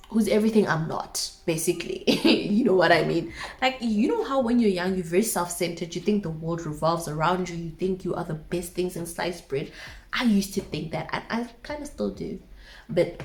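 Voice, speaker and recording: A young woman in her twenties with a South African accent, casually telling a dramatic personal story to her viewers with asides. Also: fairly low pitch. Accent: South African English.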